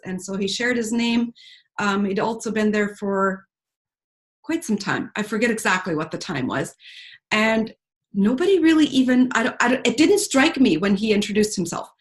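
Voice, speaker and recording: A woman telling an emotional story to a group in an earnest, talkative way, with many fillers. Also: fairly high pitch. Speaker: speaker at a team retreat.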